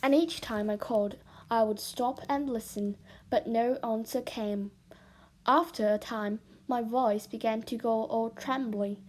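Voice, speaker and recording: A woman reading a children's novel aloud with slow, expressive storytelling. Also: fairly high pitch. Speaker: storybook reader.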